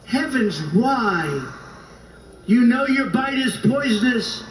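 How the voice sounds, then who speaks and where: A tender-hearted woman exclaims earnestly, as a man reads her lines at a rally. The voice is raised and high, heard from a distance in an echoey hall with faint crowd ambience. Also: expressive, slow pace, a little hiss or hum, exaggerated voice. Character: tender-hearted kind woman who takes in a snake.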